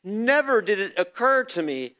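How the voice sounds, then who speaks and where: A man preaching a personal testimony as a sermon, telling the story vividly and swinging between loud and hushed delivery. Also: high-pitched, sing-song, normal speed.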